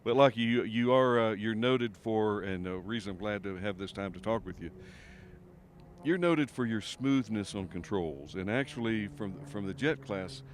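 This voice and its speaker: A man's voice: fairly low pitch, animated, moderate pace. A man hosting an aviation show, doing a casual, jokey interview outdoors at an air race, with plenty of fillers. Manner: folksy, jokey, with many fillers. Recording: faint outdoor background noise.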